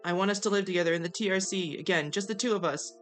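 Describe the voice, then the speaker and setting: A streamer doing a pompous young gentleman. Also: medium pitch, very fast, soft background music, close to an everyday voice. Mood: tender. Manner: pompous, formal Victorian gentleman. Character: young male gentleman, formal and grieving. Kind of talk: reading game dialogue aloud.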